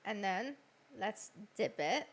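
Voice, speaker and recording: A young woman hosting a casual stream chat tells a crude story, laughing and swearing a lot. Her medium-pitched voice is expressive and slow.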